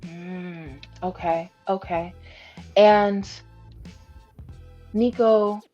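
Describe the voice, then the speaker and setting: Slow, musing woman narrating a game. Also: lowish voice, steady tone, warm tone. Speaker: game master. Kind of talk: narrating a tabletop role-play game. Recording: dull lo-fi stream audio with faint music.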